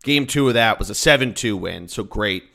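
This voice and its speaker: A man's voice: on the low side, animated, moderate pace, gravelly, bright, forceful tone. A man hosting a solo sports podcast, chatting in an upbeat, joking, rambling way. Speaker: podcast host.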